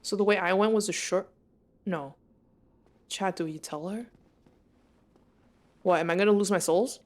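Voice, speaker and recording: A young woman commentates a game on a live stream in a medium-pitched voice. She talks slowly and drawn out, then bursts into loud, excitable reactions and frequent laughter. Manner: excitable, laughs often, reacts loudly to surprises.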